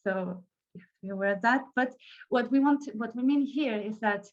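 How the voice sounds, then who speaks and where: A woman's voice: fairly high pitch, darkish tone, muffled recording. Spanish-accented woman leading a workshop. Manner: halting, many fillers and restarts. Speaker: workshop trainer. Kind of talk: online training workshop.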